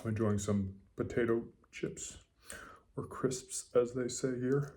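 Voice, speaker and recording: A slightly drunk man with an American accent, rambling in a quiet late-night monologue, casual and profane. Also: a little slow, slight background noise. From Los Angeles. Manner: talks low and quiet. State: a little drunk. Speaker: vlogger.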